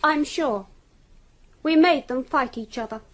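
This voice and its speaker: Unnerving child for radio drama, voiced by a woman, high-pitched, icy and clipped. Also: a little slow. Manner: flat, clipped, icily condescending. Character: cold, superior, unnerving child speaking for a group.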